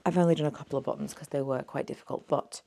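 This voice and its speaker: A woman's voice: a bass voice, steady tone, racing, vocal fry, warm tone, slight background noise. A woman near forty, chatting casually through a thrift haul, rambling and a little slurred as if just woken. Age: late 30s. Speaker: beauty vlogger.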